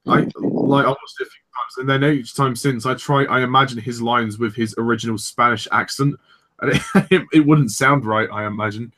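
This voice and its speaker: A man discussing films casually, halting and saying "like" often. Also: mid-range voice, fairly even intonation, sharp tone. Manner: halting, says "like" often, laughs easily. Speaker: film reviewer.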